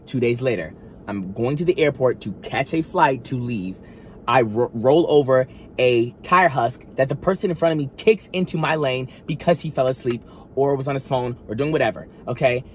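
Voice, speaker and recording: A man at a mid-range pitch tells a mishap story to camera in a lively, theatrical way. He keeps breaking off into asides and restarts and pulls the viewers in directly. A faint hiss sits under his voice. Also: normal speed. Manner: animated, dramatic retelling with frequent asides and restarts; talks straight to viewers. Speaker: vlogger. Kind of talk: storytime monologue.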